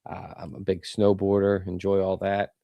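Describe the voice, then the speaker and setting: A man's voice: deep voice, monotone, moderate pace, creaky, no room sound, muffled recording. A man with a Philadelphia accent, co-hosting a sports podcast in easygoing casual chat, often repeating words. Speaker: podcast co-host.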